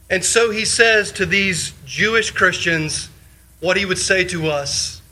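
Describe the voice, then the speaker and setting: A man's voice: high-pitched, measured pace, bright, forceful tone, poor audio. A male pastor preaching a sermon, firing off rhetorical questions and repeating short phrases for emphasis. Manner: leans on short repeated exhortations.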